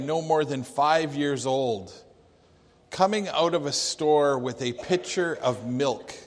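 A man preaching a sermon, telling a story slowly and deliberately, with some restarts. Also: medium pitch, long reverb tail. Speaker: pastor.

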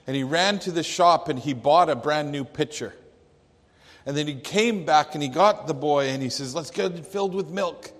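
A man preaching a sermon, telling a story slowly and deliberately, with some restarts. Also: on the high side, long reverb tail. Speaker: pastor.

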